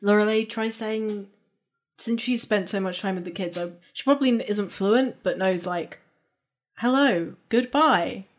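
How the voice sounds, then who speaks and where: A woman's voice: medium pitch, normal speed, a little mellow. A woman playing in a tabletop role-play, describing her character's actions in a casual, chatty way. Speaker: player.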